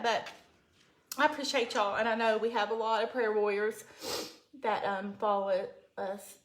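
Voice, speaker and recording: A woman's voice: fairly high pitch, steady tone, moderate pace. A middle-aged woman hosts a casual crafting livestream, chatting with viewers by name and growing teary at times. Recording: echoey room with faint background noise.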